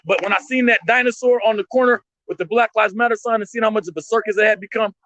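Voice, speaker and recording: A man's voice: high-pitched, sharp tone, no room sound, low-quality recording. A man talking emotionally and emphatically on a livestream from his street stand, in slangy street talk. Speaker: street artist and vendor, livestream guest.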